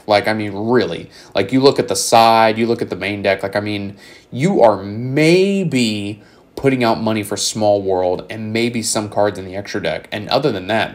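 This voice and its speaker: A young man with a somewhat low voice talks through a card game deck in a loose, hyped way. He jokes and swears freely while he explains it. He is recorded on a desk mic in a room at home. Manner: hype, profane, joking. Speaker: card game content creator. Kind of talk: casual deck breakdown.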